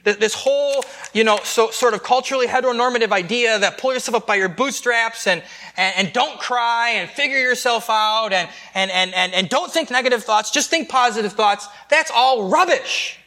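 Male pastor, high bright voice, chatty sermon delivery with restarts. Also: a little fast. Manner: conversational, with repeated restarts and self-deprecating asides.

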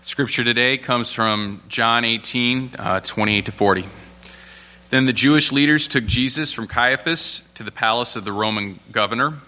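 A man reading scripture aloud in a steady, measured way. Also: mid-range voice, in a large hall. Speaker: scripture reader.

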